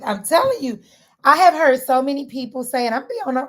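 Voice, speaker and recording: A fairly high-voiced woman speaks directly to her viewers. She preaches like a sermon and repeats her key phrases. Her talk is casual and full of slang. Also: a little fast. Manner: animated, sermon-like, southern-inflected slang with frequent laughs. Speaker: faith-based wellness vlogger.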